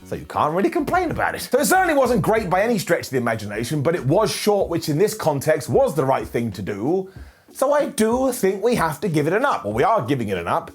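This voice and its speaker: A man hosting a casual review show, talking in an animated, jokey and ranting way. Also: fairly high pitch, fast talker, husky. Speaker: host. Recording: faint background music.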